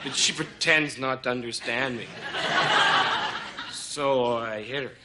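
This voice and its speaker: An actor playing a smug, deadpan, ignorant male tourist doing a stand-up monologue. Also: medium pitch, takes it slowly, heavy background noise, lightly acted.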